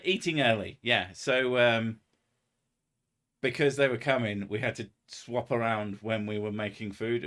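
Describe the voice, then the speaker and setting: A man's voice: fairly low pitch, a bit bright. A man chatting casually on a livestream, rambling and sardonic, with heavy swearing. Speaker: streamer.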